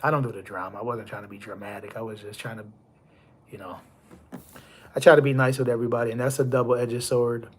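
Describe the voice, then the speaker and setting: A man's voice: medium pitch, flat delivery, fast talker, breathy edge. A man from the United States hosting a live stream, talking to his chat in a loose, rambling, conversational way. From USA. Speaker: livestream host.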